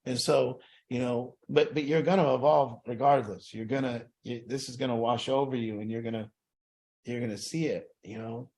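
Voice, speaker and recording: An earnest man talks through an addiction recovery group session, his voice at an ordinary middle pitch. He speaks reflectively to a small group in a room. He slips into the inner voices he describes. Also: brisk, a little mellow.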